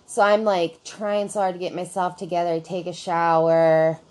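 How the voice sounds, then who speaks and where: On a podcast, a woman swears freely as she tells a story about herself in casual chat, animated and poking fun at herself. Her pitch is fairly low and her pace moderate.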